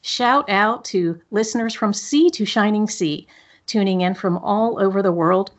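A woman's voice: mid-range voice, unhurried. Woman, podcast host, encouraging and reflective, slightly dull lo-fi sound. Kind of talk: solo podcast monologue. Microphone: studio microphone.

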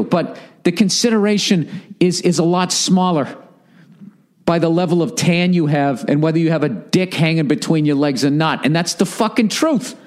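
A middle-aged man hosts his own podcast in a solo, rambling monologue, ranting with profanity and sarcasm and reading listener emails aloud with running asides. His voice sits a little high and a bit mellow, and he talks briskly.

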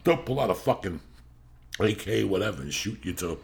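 Brief: middle-aged podcast host, low and gravelly, loose and profane. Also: male voice, lively intonation, a little fast. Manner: profane, rambling, bursts into yelling when acting out quotes. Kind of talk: casual storytelling chat.

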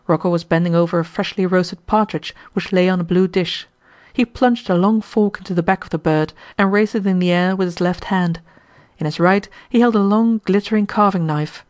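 A woman reading a novel aloud as an audiobook narrator, with a measured and expressive delivery. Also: mid-range voice.

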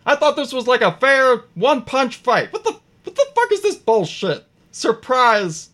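A man's voice: sing-song, moderate pace, a bit bright, heavily acted. A man voicing a panicky, foul-mouthed male gnome who yelps and curses in frantic bursts. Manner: shrill, frantic cursing.

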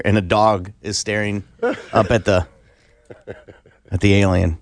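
A man's voice: on the low side, steady tone, normal speed, pauses often, dry recording. A man co-hosting a podcast, chatting casually in a skeptical and argumentative way. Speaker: podcast co-host. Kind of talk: casual chat.

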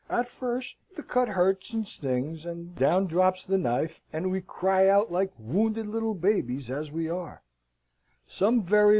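A man narrating a classic novel as an audiobook, in an expressive, wry storytelling manner. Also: fairly high pitch.

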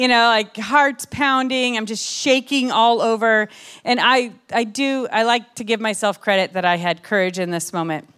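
A young adult woman giving an emotional, animated testimony sermon to a women's church gathering, with many asides to the crowd. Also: on the high side, moderate pace, smooth.

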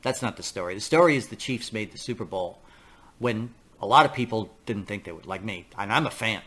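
A man's voice: on the low side, expressive, brisk, fairly bright tone, slightly rough. A man hosting a talk podcast in a casual, rambling monologue, often restarting his sentences. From New York area. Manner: rambling, repeats himself, acts out quoted voices. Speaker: podcast host.

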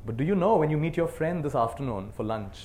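A man giving a dharma talk to a live group as a meditation teacher, earnest, swinging between soft and emphatic, and leading call-and-response. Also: on the high side, expressive, quick pace, slight background noise. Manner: leads the audience in call-and-response.

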